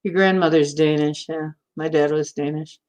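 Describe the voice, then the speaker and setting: A radio-trained woman with a flat Midwestern announcer accent, hosting a casual livestream and chatting with viewers as she reads their comments, laughing often. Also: low-pitched, normal speed. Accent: flat Midwestern American, announcer style. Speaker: host of a spiritual livestream.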